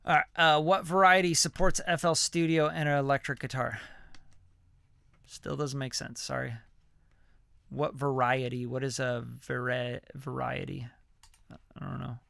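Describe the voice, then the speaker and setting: A man's voice: mid-range voice, steady tone, unhurried, creaky, pauses often, fairly bright tone, clear, resonant tone, no echo. A man, a music producer, answering viewer questions in a loose, slangy livestream chat full of fillers. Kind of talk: casual livestream Q&A.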